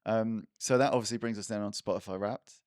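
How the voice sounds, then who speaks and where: Male podcast co-host with a deeper voice and dry close sound, who makes wry banter. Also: fairly even intonation, darkish tone, dry recording. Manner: joking, quick reactions and wry asides.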